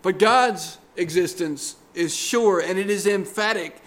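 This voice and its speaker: A man preaching a sermon in a deliberate, earnest way, pressing hard on key words. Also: high-pitched, fairly bright tone.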